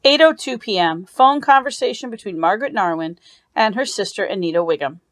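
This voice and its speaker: A woman reads a novel aloud to her class in a lively, rising and falling voice. She names each speaker before their lines, and the room is dry and close. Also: mid-range voice, fairly quick, no room sound. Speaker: teacher reading a novel aloud. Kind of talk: read-aloud narration.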